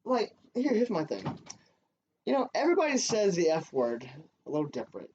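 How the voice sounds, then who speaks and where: A young man co-hosting a casual podcast, rambling and profane, often jumping into high-pitched bursts. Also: huge pitch swings, a little fast, a little mellow, slight background noise. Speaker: podcast co-host. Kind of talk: casual crude podcast banter. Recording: dull lo-fi home podcast mic.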